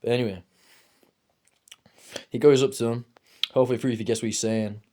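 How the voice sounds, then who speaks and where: A man's voice: mid-range voice, steady tone, moderate pace, darkish tone. A young man telling a rambling, swear-filled story while gaming, calling everyone "bro". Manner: casual, rambling, says "bro" constantly, swears a lot. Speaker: gaming streamer.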